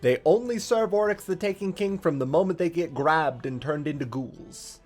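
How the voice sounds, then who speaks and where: A man voicing a grim female explorer who explains things flatly and matter-of-factly. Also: on the high side, moderate pace, faint music behind. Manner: flat, matter-of-fact.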